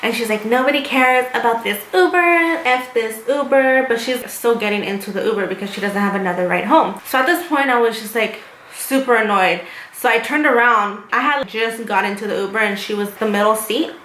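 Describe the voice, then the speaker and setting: A woman's voice: mid-range voice, fairly quick, fairly bright tone, echoey room, slight background noise, rough recording. A young woman telling a story while doing her makeup, animatedly quoting the people in it. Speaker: YouTuber.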